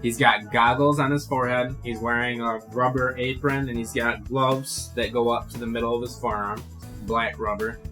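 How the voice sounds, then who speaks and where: A man's voice: medium pitch, fairly bright tone, rough recording. A young man narrating a tabletop game as game master, casual and profane. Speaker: dungeon master.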